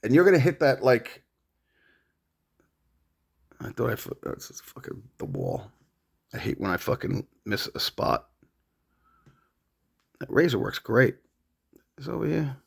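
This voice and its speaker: A man's voice: medium pitch, expressive, unhurried, creaky, pauses often, breathy edge. A middle-aged man rambling at home, swearing and confronting an absent rival in a long monologue. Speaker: vlogger.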